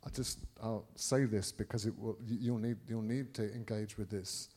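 A middle-aged Englishman preaching by telling a personal story, rambling with many restarts and sudden jumps in loudness. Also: on the low side, fairly even intonation, normal speed, breathy edge. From England. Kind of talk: anecdotal preaching to a congregation.

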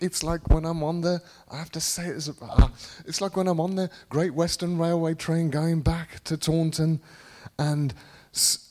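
This charismatic sermon comes from a man from Britain who wanders and repeats himself. He sinks to low, musing tones before erupting in sudden shouts.

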